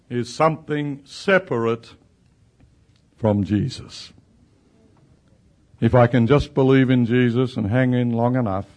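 A man preaching a sermon who speaks directly to people in the room and builds to loud, drawn-out emphasis on key words. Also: mid-range voice. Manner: talks directly with listeners in the room. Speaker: pastor.

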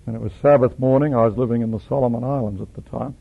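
A man's voice: medium pitch, fairly even intonation, rapid-fire, creaky, hardly any pauses, slightly rough. A man preaching a sermon, telling stories dramatically and acting out the people in them. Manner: dramatic, storytelling with acted quotes. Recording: dull lo-fi recording.

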